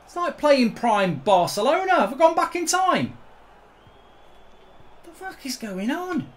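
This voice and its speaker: A man's voice: extremely high pitch, sing-song, unhurried. A man ranting in exasperation, swearing through gameplay commentary. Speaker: gaming channel host.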